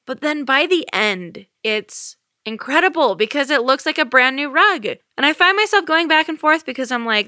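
A woman co-hosting a casual podcast chat, talkative and quick to laugh, with lots of "like" fillers. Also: high-pitched, expressive, sharp tone, no echo, clean studio sound. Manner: chatty, laughs often, lots of "like". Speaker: podcast co-host.

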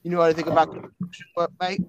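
A man's voice: a little high, flat delivery, rapid-fire, highs cut off, noisy background, pitched above the performer's own voice, natural voice. A man voicing a male spirit trapped in a talking book, stammering and calling everyone mate. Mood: chummy.

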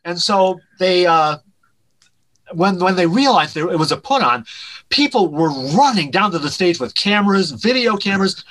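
A man, a director and writer, telling an animated anecdote as a guest in an interview, dropping his voice at punchlines. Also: high-pitched, moderate pace, poor audio. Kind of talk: storytelling in a podcast interview.

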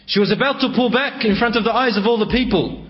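A man preaching a sermon in storytelling style, swinging between raised and hushed delivery. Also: extremely high pitch, quick pace. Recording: dull lo-fi recording.

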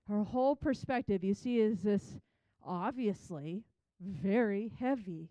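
A woman's voice: medium pitch, lively intonation, measured pace, warm tone, no echo. A woman giving a chatty, conversational Bible teaching, retelling scripture in her own words.

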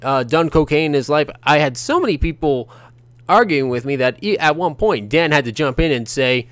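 A male podcast host giving opinionated boxing commentary, animated, ranting and sarcastic. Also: fairly high pitch, moderate pace, no room sound.

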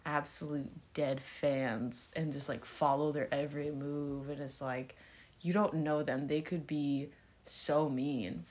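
A young woman co-hosts a casual podcast chat, talking bluntly and cracking jokes, with plenty of swearing. Her voice sits low for a woman. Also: steady tone, takes it slowly, a little mellow, a little hiss or hum. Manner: blunt, swears a lot, jokey. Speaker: podcast co-host.

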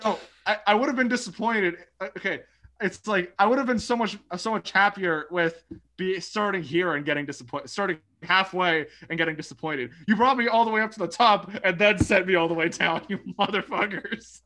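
Excitable young man, bright voice. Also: high voice, a little fast. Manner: animated, swears, laughs while telling a story. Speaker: podcast co-host. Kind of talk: casual chat.

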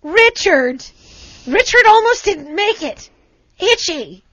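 A woman's voice: very high voice, takes it slowly, no echo, muffled recording. A woman casually chatting on a talk show, telling a story dramatically and acting out what people said. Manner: animated, dramatic retelling with acted-out quotes.

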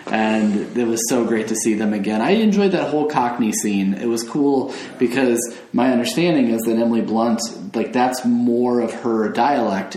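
Guy hosting a movie chat, excited and rambly, roomy sound. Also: mid-range voice. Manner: enthusiastic, rambling with restarts. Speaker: podcast host. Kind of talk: casual film discussion. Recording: roomy echo.

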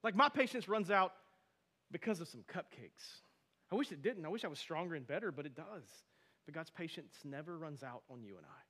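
A male pastor in his thirties delivers a sermon in a relaxed, conversational way. He tells stories animatedly and breaks off into friendly asides. His voice sits slightly higher than most men's. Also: brisk.

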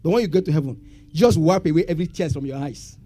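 A man's voice: on the high side, quick pace, warm tone. Male pastor, preaching, quizzes the crowd, faint music behind. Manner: call-and-response questions to congregation. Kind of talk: sermon.

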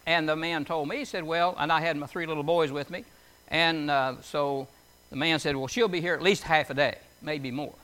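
A man's voice: a little high, steady tone, normal speed, fairly bright tone. A man preaching a folksy sermon, reading scripture and telling homely stories, often putting questions to his listeners in a conversational way.

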